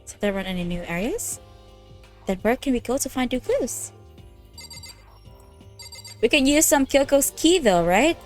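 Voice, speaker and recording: A woman's voice: sits high, expressive, normal speed, pauses often, darkish tone. Young woman reading game lines aloud. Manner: reads every character's lines in her own voice, laughing often. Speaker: let's play host. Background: faint game music.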